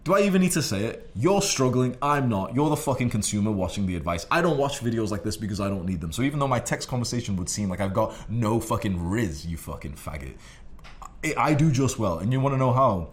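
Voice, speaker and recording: A young man delivers a profane advice monologue in a blunt, condescending way. His pitch swings widely as he lectures, and he swears in nearly every sentence. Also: lively intonation, fast. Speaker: dating advice host.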